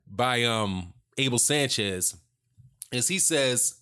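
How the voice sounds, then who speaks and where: A man's voice: mid-range voice, lively intonation, slow, pushed and bright, clean tone. A man giving heated, sarcastic opinion commentary on boxing, repeating his points for emphasis.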